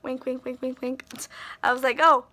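A woman's voice: high voice, completely flat delivery, normal speed, fairly bright tone. A teenage girl chatting through a casual birthday haul vlog, gushing and bubbly, full of fillers and asides to herself. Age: teens. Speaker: vlogger.

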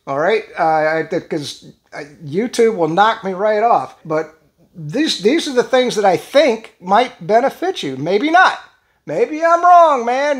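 An older man talks in a loose, rambling vlog style, full of restarts and small chuckles. His voice sits noticeably high for a man. The delivery is folksy and offhand. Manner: chuckles often. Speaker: channel host. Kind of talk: casual vlog commentary.

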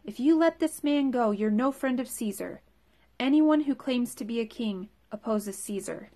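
A woman voicing an angry shouting crowd of men in a scripture reading, with a raised, insistent delivery. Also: fairly high pitch, lively intonation, moderate pace.

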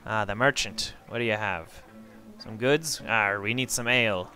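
A man's voice: lowish voice, normal speed, sharp tone, faint music behind. A man voicing a boastful, crude male pirate captain with brash, bawdy pirate talk.

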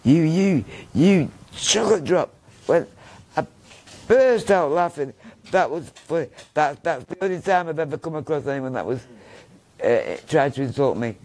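A man's voice: fairly high pitch, animated, moderate pace, a little mellow, low-quality recording. A middle-aged man from Norway with a Manchester accent, telling rambling stories in a casual interview and often repeating himself. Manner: chatty, rambling, repeats himself, laughs at his own stories. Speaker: guest.

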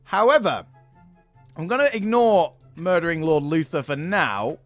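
A man's voice: on the high side, animated, measured pace, fairly bright tone, no echo, faint music behind. A man giving chatty gameplay commentary as he plays, chuckling often between remarks. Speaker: gaming YouTuber.

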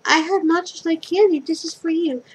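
A woman's voice: very high-pitched, moderate pace, pitched above the performer's own voice. A woman reading aloud and voicing a timid little girl.

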